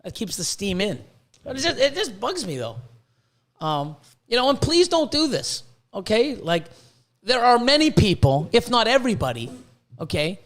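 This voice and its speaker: A man's voice: extremely high pitch, big pitch swings, moderate pace, fairly bright tone. A man hosting a podcast, ranting in a worked-up, profane way, with stammered restarts and repeated words. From Canada. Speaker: podcast host. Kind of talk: casual ranting podcast talk.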